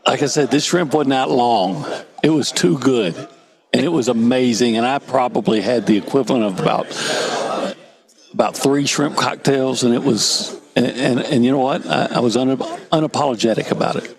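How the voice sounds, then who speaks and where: A man's voice: mid-range voice, moderate pace, vocal fry. A man, a sports columnist, telling stories enthusiastically on a talk show, often stumbling and restarting.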